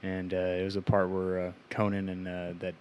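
A man's voice: sits low, completely flat delivery, normal speed, a little mellow, slight background noise. A young adult man co-hosting a podcast, telling crude jokes and laughing at them as he talks casually into a studio mic. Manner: crude, wisecracking, laughs at his own jokes. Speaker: podcast co-host. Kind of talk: casual chat.

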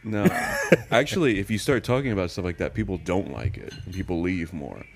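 A man with a very low, deep voice, chatting casually as a podcast co-host. He talks in a flat monotone and tends to ramble, laughing at his own jokes. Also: brisk, creaky. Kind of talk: casual chat.

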